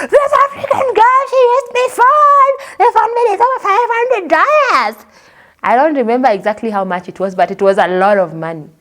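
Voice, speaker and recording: An interview guest from Kenya, speaking with a Kenyan accent in a high-pitched voice, tells her personal story expressively. She acts out the people she quotes.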